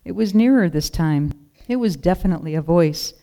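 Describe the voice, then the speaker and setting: Smooth-voiced storybook narrator. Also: mid-range voice, expressive, fairly quick, dark tone. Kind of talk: storybook reading.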